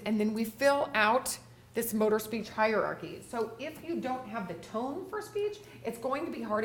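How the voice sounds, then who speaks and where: A woman's voice: mid-range voice, a little hiss or hum. A woman speech therapist giving a conference lecture, explaining each slide step by step with frequent fillers.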